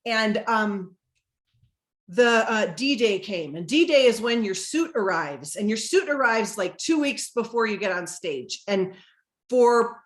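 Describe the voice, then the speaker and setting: A middle-aged woman hosting a live motivational talk, telling a personal story and acting out the quoted lines in a higher voice. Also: fairly bright tone.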